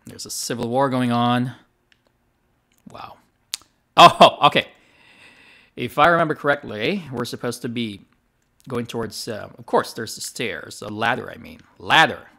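A man's voice: medium pitch, a little slow, long pauses, bright, forceful tone. A man streaming a video game, chatting casually at a desk microphone, laughing often and correcting himself. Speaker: gaming streamer. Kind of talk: casual gameplay commentary.

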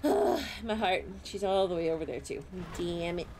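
A young adult woman streaming a game, chatting playfully with viewers, giggling and squealing as her pitch swoops up and down. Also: animated, unhurried, a little mellow, slight background noise. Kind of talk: casual live-stream game commentary.

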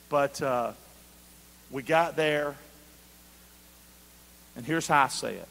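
A man preaching a sermon as pastor, calling for answers from the congregation and swinging from quiet asides to loud shouts. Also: mid-range voice, slow, gravelly, pauses often, slight background noise. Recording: long hall reverb.

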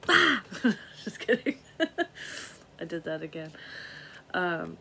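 A woman's voice: low voice, slow pace, gravelly, slight background noise. Rambling, profane woman reading tarot. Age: middle-aged. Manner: profane, rambling, laughs at herself. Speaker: tarot reader. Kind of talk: casual intuitive reading.

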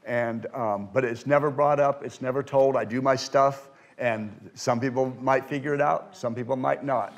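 A man speaking to a student audience as a card magician, telling stories with halting restarts and acting out the quoted voices. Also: medium pitch, creaky. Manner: animated storyteller, acts out quoted voices; halting restarts and repeated words. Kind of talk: storytelling lecture with Q&A. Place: lecture room before a student audience.

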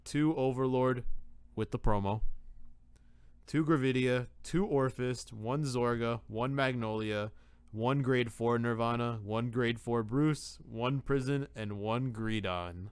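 A man with a smooth, resonant voice and a mid-range pitch, recorded close and dry. He reads off lists in a plain, matter-of-fact way. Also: slow pace, no echo. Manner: matter-of-fact, reading out results. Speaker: podcast co-host. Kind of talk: casual podcast chat.

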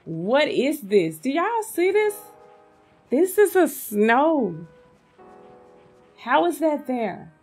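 A woman's voice: sits high, sing-song, drawn-out words, long pauses, darkish tone, faint music behind. A woman giving casual, gushing commentary on a video game, chatting to her viewers and calling them "y'all". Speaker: game content creator.

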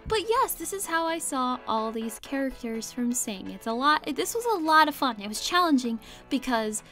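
Soft music plays behind this art channel host, whose high, sing-song voice has a sharp tone and a normal speed. In casual voice-over, she rambles about her drawings, giggling often and second-guessing herself self-consciously.

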